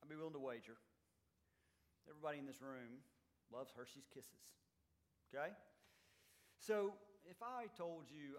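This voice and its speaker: A man preaching a sermon as pastor, swinging between loud emphatic lines and quiet, low ones. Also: normal speed, pauses often. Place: church sanctuary.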